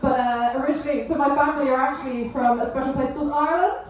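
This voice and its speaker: A woman's voice: high-pitched, very fast, heavy background noise. A woman with an Essex accent doing stand-up crowd work on a club stage, cheeky and teasing the audience. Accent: Essex English. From England. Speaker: stand-up comedian. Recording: echoey room, mic heard from far. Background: audience laughter.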